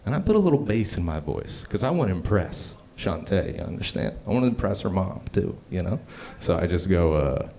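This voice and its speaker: A male stand-up comic on a club stage, telling stories with a lively, swooping voice. He keeps the crowd in the loop with quick asides and cheerful profanity, speaking into a handheld mic. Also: sits low, slight background noise. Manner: animated, profane storytelling with frequent asides. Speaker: stand-up comedian. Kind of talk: live stand-up comedy.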